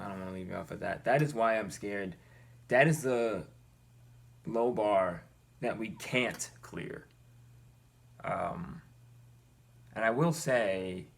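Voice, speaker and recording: A young man earnestly talking to his viewers, animated and exasperated, with his pitch climbing when he gets worked up. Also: gravelly. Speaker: vlogger. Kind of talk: personal commentary to camera.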